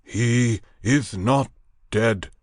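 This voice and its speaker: A man voicing a drunk, dull-eyed companion in an audiobook, speaking slowly and emphatically with a slur. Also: fairly low pitch, expressive, darkish tone, dry recording, clean studio sound, voice pushed up, heavily acted. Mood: drunken. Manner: slow, slurred, emphatic.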